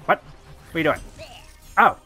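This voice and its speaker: A gamer giving excitable, sweary commentary over their own gameplay. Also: a little slow, soft background music. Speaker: let's play gamer.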